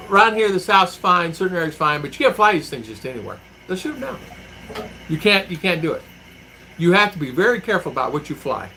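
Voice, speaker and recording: In a pushed, bright voice on the high side, this man reads live chat aloud and wanders through anecdotes, performing the quoted lines. He's a vlogger living abroad, and the poor recording carries slight background noise.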